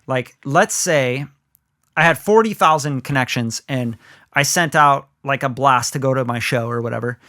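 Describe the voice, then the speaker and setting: A man's voice: mid-range voice, moderate pace, bright, forceful tone, no echo, studio quality. A man co-hosting a casual podcast, talking animatedly, acting out scenarios and swearing casually. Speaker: podcast co-host.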